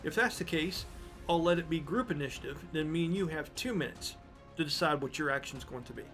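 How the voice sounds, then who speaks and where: A man running a tabletop game as game master, narrating scenes slowly and deliberately. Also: on the high side, a bit bright, faint music behind.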